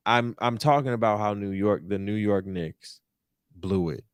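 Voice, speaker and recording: This New York podcast host is a young man delivering an animated sports talk rant, exasperated, emphatic, and full of repetition. His voice is on the low side, smooth and unhurried, and there's no room sound at all.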